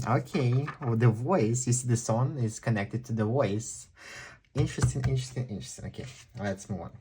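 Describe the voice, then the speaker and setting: A man with a non-native English accent giving a chatty, excitable pick-a-card tarot reading. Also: medium pitch, moderate pace, slight background noise. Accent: non-native English speaker. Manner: chatty, excitable, exclaims often. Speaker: tarot reader.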